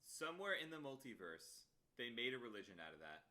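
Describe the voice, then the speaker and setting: A man's voice: mid-range voice, very animated, brisk, bright, forceful tone. A man streaming live, reacting in a giggly, playful and self-mocking way.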